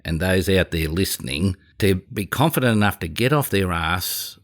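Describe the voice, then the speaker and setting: A man's voice: low voice, animated, normal speed. An Australian man hosting a podcast interview, blunt and down to earth with some mild swearing. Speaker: podcast host. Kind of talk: casual interview chat.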